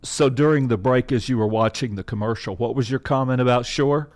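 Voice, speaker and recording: A man hosting a podcast, interviewing a guest in a measured way and steering the talk. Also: medium pitch. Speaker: podcast host.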